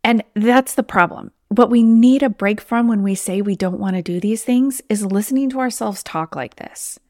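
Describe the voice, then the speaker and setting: A woman's voice: mid-range voice, normal speed, darkish tone, no room sound. Conversational woman podcast host, dry sound. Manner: encouraging, conversational, acts out inner voices. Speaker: podcast host, weight loss coach. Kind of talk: solo podcast monologue.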